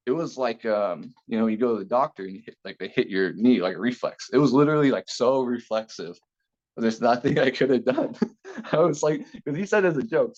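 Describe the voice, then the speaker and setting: A young man in an interview, telling a school story casually, with fillers and the odd laugh. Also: lowish voice. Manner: animated anecdote with fillers and laughs. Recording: dull lo-fi audio.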